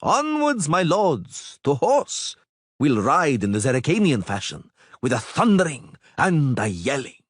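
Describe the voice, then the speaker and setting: Genial mysterious noble, theatrical, wild pitch swings, as a male narrator puts him on. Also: huge pitch swings, takes it slowly, gravelly, husky, no room sound, clean studio sound, heavily acted. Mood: amused. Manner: amused, theatrical, swings from hushed to rousing.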